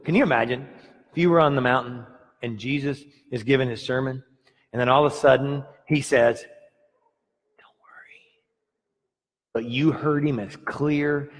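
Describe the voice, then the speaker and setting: A man preaching a sermon on stage, playful and chatting directly with his congregation. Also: medium pitch. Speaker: pastor. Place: church hall with congregation. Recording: long reverb of a church hall.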